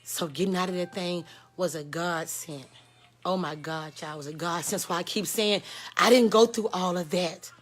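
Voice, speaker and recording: A Texas woman, candidly telling a personal story, frank and profane, swinging from loud outbursts to hushed lows. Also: normal speed, faint music behind. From Houston, Texas. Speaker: host.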